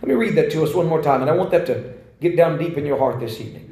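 A man's voice: fairly high pitch, quick pace. Fervent preacher man in an echoey church. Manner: fervent preaching, rising to shouts. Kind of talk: revival sermon. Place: church sanctuary.

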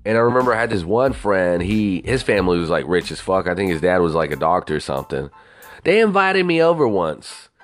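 A man's voice: sits low, big pitch swings, fairly quick, soft background music. Profane, rambling podcast host man. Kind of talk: casual solo podcast rant.

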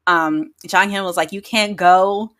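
Woman podcast host, bright tone, mid pitch, gushing and excitable. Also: a little slow. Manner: excitable, gushing, laughs often. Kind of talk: casual chat.

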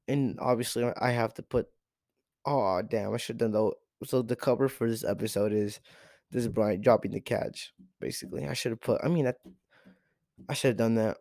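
A man's voice: medium pitch, moderate pace, long pauses, darkish tone, no echo, studio quality. A teenage boy hosting a podcast, ranting in an exasperated, profane way with lots of repeated rhetorical questions. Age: teens. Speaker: podcast host. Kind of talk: solo sports rant.

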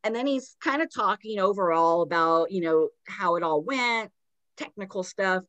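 A woman's voice: medium pitch, normal speed, dry recording. A woman hosting a podcast with a sore throat, telling a spooky story casually and animatedly with lots of "like". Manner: animated retelling with fillers like "like".

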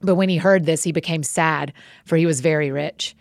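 A woman reading scripture aloud in a measured, even way. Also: sits low, creaky, no echo, clean studio sound. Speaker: scripture reader.

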